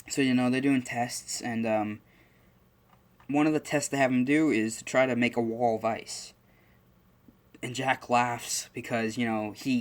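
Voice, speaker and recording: Young guy telling a made-up fan story, lots of um and you know, just kinda rambling along. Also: medium pitch. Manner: rambling, many fillers and restarts. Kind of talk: casual improvised fan-fiction storytelling.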